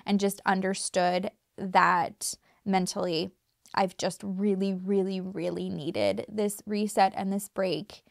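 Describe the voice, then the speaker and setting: A woman's voice: mid-range voice, little pitch movement, slow, vocal fry, no room sound, studio quality. A woman in her thirties talking casually to camera as a video creator, chatty and emphatic, with lots of fillers and restarts. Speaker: YouTube true crime creator.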